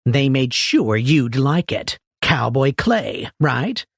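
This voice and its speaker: A man's voice: mid-range voice, very animated, slow, gravelly, slightly rough, dry recording, clean studio sound, full character voice. A man voicing a pompous professor who sneers, blusters and seethes with indignation. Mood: indignant. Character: pompous, easily enraged middle-aged professor.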